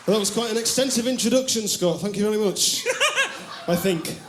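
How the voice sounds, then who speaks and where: A man's voice: high-pitched, a little fast, very noisy. A man from Barnsley with a strong Yorkshire accent, talking dryly between songs on stage and then singing lead with a band. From Barnsley, England. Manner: dry self-deprecating humour. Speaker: band member, lead singer. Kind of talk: live stage banter and singing. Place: live music venue on stage. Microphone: stage microphone. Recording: live concert with echo and band music.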